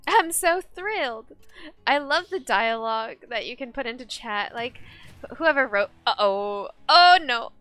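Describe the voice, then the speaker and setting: A young woman streaming a game live, chatting casually and excitably, laughing and shrieking at the action. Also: a little high, measured pace, clear, resonant tone, no room sound, soft background music.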